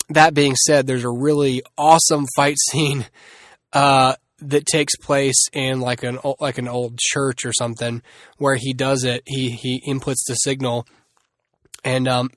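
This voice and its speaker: A man's voice: mid-range voice, no echo, clean studio sound. A man hosting a solo movie review podcast, rambling and restarting often with many fillers. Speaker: podcast host.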